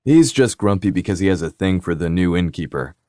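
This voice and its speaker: A man's voice: low-pitched, lively intonation, fairly quick, mellow, dry recording, studio quality. A man voicing an easygoing, teasing adult brother in an audiobook.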